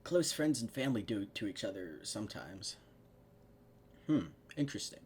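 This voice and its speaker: A man's voice: fairly low pitch, very animated, moderate pace, a little mellow, a little hiss or hum. A man reading the lines of a brash tomboyish female pegasus pony in a blunt, matter-of-fact way, close to his own voice. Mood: casual.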